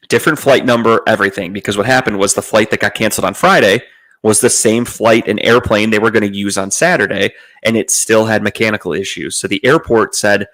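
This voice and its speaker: A young man with a somewhat low voice tells a long casual story on a podcast. He swears freely and rambles, trailing off into fillers and starting over as he goes. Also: brisk, fairly bright tone. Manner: profane, rambling, with frequent fillers and restarts. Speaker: podcast host.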